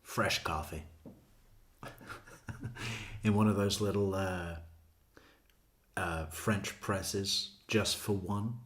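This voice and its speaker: A man's voice: low voice, fairly even intonation, drawn-out words, pauses often, fairly bright tone. A man doing livestream commentary on true crime, sarcastic and mocking, with chuckling asides.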